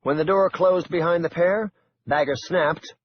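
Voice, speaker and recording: A man narrating a suspense audiobook in an expressive, dramatic way. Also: a little high, measured pace, husky, lo-fi sound.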